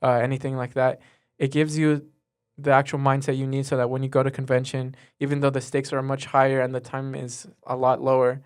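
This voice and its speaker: A teenage boy, a student guest, answering in a casual interview with an earnest, halting way of talking and many fillers. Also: mid-range voice, clean tone. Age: teens.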